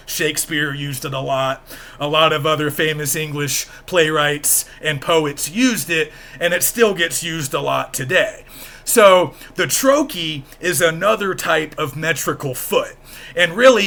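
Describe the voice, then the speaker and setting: A male lecturer with a bright, forceful tone and a voice that sits a little higher than most men's. He explains step by step in a plain, patient way, often pausing to check that listeners are following. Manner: explanatory, plain-spoken, checks in with "okay?" and "right?". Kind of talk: recorded lecture.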